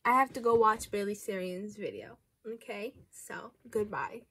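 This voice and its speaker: A young woman from Canada giving casual, playful commentary on makeup releases as a beauty vlogger, with animated, exaggerated reactions. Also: mid-range voice, normal speed, slightly rough.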